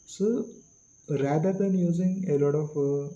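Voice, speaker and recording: A man with an Indian English accent teaching English grammar, speaking slowly, repeating words and phrases, with many fillers. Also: on the high side, mellow, muffled recording. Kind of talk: slow classroom explanation. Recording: echoey room.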